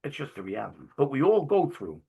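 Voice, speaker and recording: A middle-aged man from Brooklyn, a jovial, animated guest speaker telling stories to a class and often clearing his throat. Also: mid-range voice, a little fast, narrow, tinny audio. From Brooklyn, New York. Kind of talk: storytelling talk to a class.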